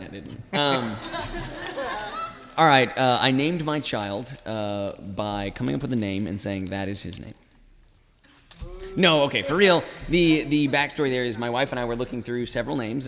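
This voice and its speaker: A man's voice: medium pitch, normal speed, a bit bright. A man co-hosting a live school podcast, talking in a laid-back way with dry jokes. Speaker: teacher and podcast co-host. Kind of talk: casual live show banter. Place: school gym. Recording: echoey gym with long reverb.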